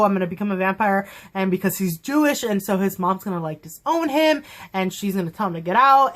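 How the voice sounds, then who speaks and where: A young adult woman vlogging a casual, excited fan review of a TV episode, gushing and giggling as she rambles with lots of fillers. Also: medium pitch.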